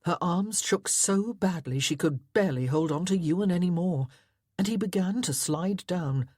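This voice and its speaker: A woman's voice: on the low side, animated, moderate pace, a little mellow, breathy edge, dry recording, studio quality. A woman narrating a historical romance audiobook in a dramatic, tense storytelling manner. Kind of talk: scripted narration.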